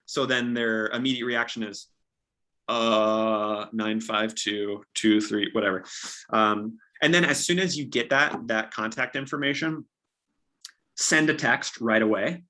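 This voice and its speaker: Bright-voiced young man giving upbeat sales tips. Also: mid-range voice, normal speed. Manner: upbeat, practical, acts out sample dialogues. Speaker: real estate agent, guest. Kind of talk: casual coaching talk.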